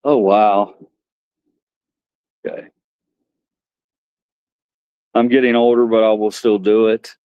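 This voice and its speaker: A man's voice: fairly low pitch, fairly even intonation, slow pace, long pauses, smooth, dry recording, highs cut off. A middle-aged man, chatting casually on a live stream and rambling through old stories while laughing at himself. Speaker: livestream host.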